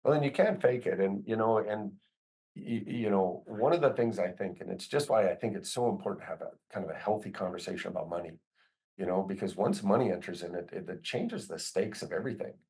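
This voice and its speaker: A man's voice: sits low, a little fast, darkish tone, rough recording. A man, a business owner as guest, talking casually with many "you know" fillers. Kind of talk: casual conversation.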